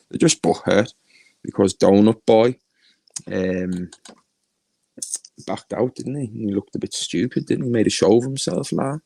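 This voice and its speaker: Crude, mocking Liverpool streamer, low and gravelly, dry close sound. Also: male voice, moderate pace, a little mellow, dry recording, low-quality recording. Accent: Liverpool (Scouse). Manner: crude, mocking, laughs often. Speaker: livestream host. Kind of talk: casual ranting livestream.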